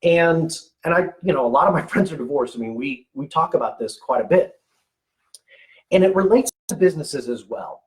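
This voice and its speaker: A man's voice: on the high side, lively intonation, moderate pace, rough recording. A man in his forties giving a casual motivational talk for medical practice owners, conversational, restarting words and often checking in with "okay?".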